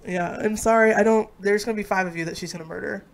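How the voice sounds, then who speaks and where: A woman's voice: mid-range voice, steady tone, fast talker. A woman co-host with a nasal, sick voice, bantering sarcastically in a casual live-stream chat.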